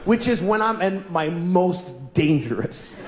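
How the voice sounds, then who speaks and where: A man doing a stand-up routine, ranting at himself in an exasperated, self-mocking way, bursting into yells. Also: sits high, lively intonation, slow. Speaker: stand-up comedian. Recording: echoey room with loud ambient noise.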